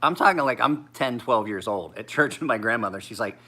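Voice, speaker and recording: A man's voice: mid-range voice, animated, a little fast, hardly any pauses, sharp tone. A man in his forties, tired, chatting casually as a knife sharpener in a rambling, profane, laid-back way. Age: 40s.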